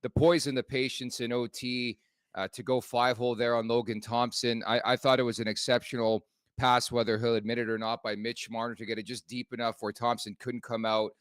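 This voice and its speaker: A man co-hosting a hockey podcast, recapping the game in an analytical, measured way with "uh" fillers. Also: medium pitch, level tone, clear, resonant tone, dry recording. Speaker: co-host.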